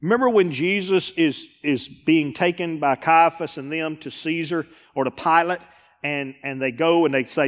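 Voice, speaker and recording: A man's voice: a little high, normal speed, a bit bright. A male pastor preaching a sermon, driving points home with emphatic repetition. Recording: hall with long reverb.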